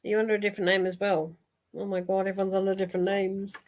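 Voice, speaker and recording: A woman's voice: mid-range voice, little pitch movement, racing. A woman hosting a live psychic reading stream, chatty and laughing often, with many fillers and restarts. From Australia.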